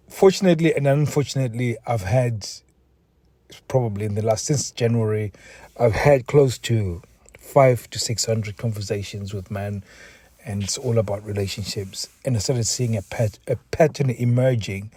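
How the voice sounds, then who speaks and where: Earnest man, dark husky voice. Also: on the low side, normal speed, no echo. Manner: earnest, repeats words, restarts sentences. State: mentally exhausted, emotional. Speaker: podcast host, relationship coach. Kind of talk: solo podcast monologue.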